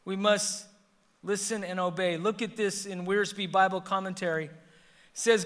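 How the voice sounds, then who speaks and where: A middle-aged man preaching a sermon as pastor, swinging between loud emphatic peaks and quiet, low passages. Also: steady tone, moderate pace. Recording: long hall reverb.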